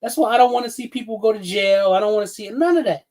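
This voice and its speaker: A man's voice: high voice, fast talker, a little mellow. A man, ranting bluntly and profanely on a casual livestream. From New York City. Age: 50s. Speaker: livestream host.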